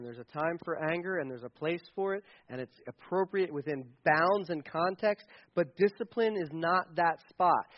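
A man's voice: high-pitched, lo-fi sound. A middle-aged man preaching a sermon to a congregation, earnest and emphatic, repeating key phrases. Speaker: pastor.

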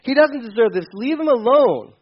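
A man's voice: extremely high pitch, animated, normal speed, slightly rough, dull audio, pitched above the performer's own voice, exaggerated voice. A man putting on a remorseful, pleading criminal. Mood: earnest. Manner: earnest, pleading. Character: remorseful male criminal defending another.

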